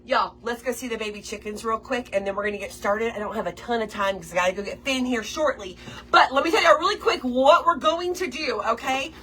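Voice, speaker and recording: A woman's voice: fairly high pitch, fairly quick, bright, forceful tone. A middle-aged woman hosting a craft livestream, chatty and folksy, greeting viewers by name.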